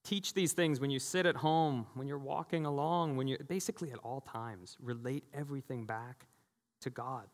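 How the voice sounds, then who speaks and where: Chatty pastor in a reverberant hall. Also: male voice, medium pitch, moderate pace. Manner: chatty, laughs often, leans on "you know". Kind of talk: conversational sermon with personal stories. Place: church sanctuary. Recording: long church hall reverb.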